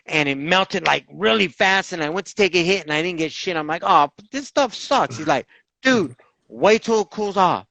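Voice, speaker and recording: Animated man telling his story. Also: fairly high pitch, no room sound, low-quality recording. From Southern California. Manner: animated, acts out quoted voices, swears casually. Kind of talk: candid personal storytelling.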